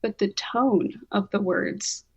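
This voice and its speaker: A woman's voice: medium pitch, takes it slowly, husky, lo-fi sound. A woman co-hosting a podcast in casual chat, earnest and reflective, with light laughs. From United States. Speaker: podcast co-host and spiritual reader.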